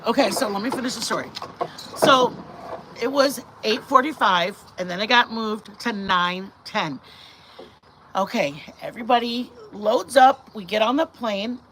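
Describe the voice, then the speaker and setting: A bright, forceful woman's voice, somewhat high for a woman, telling a long story to camera. She is a middle-aged vlogger who talks in a chatty, animated way and often turns to her faith. A faint hiss sits under the voice. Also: unhurried.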